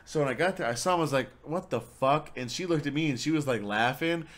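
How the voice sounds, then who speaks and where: A young man telling a rambling, profanity-filled story in a casual, animated way. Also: on the high side, rapid-fire. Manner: rambling, swears a lot, animated. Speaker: storyteller guest.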